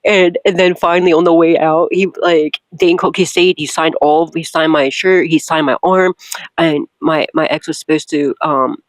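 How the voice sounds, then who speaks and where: A young adult woman, a tarot reader, chatting casually: loud, laughing often and swearing freely. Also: deep voice, fairly even intonation, moderate pace, no echo, rough recording. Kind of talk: casual storytelling and tarot reading.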